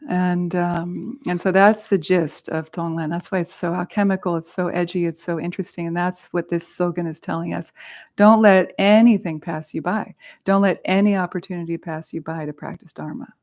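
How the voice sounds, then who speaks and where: A woman's voice: lowish voice, steady tone, moderate pace, a little mellow. A woman dharma teacher giving a talk with personal stories, candid, laughing often and swearing freely.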